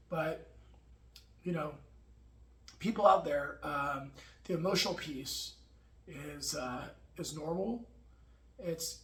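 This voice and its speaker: A man talking earnestly to camera in a personal video diary, halting and emotional, with many restarts. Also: a little high, fairly bright tone. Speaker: firefighter sharing his health experience. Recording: echoey room.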